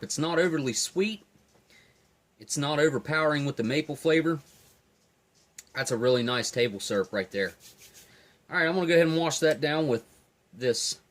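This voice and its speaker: A man giving a relaxed, enthusiastic tasting review of field rations, talking while he eats. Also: on the high side. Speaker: food reviewer. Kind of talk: casual food review.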